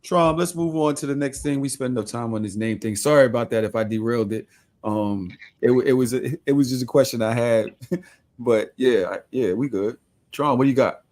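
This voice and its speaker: A man's voice: medium pitch, normal speed, a little mellow. A man hosting a podcast in casual chat, blunt, swearing freely and pushing back on others.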